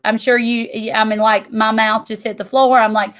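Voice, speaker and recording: Energetic middle-aged woman presenter. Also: on the high side, normal speed, hardly any pauses. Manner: energetic, emphatic, conversational. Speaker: tax business owner. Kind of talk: presentation to an audience.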